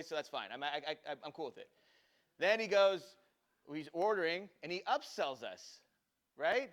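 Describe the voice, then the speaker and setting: Guy telling a story to an audience, fairly high voice, does all the voices. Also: measured pace, long pauses. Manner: animated storyteller acting out dialogue. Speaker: speaker telling a customer service story.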